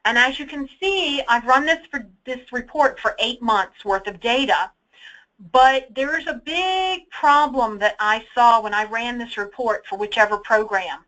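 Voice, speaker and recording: Bright-voiced woman leading a software webinar. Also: fairly high pitch, unhurried, poor audio. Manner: chatty, emphatic, checks in with "okay?". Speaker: data trainer. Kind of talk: webinar screen-share walkthrough. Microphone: computer mic for online webinar.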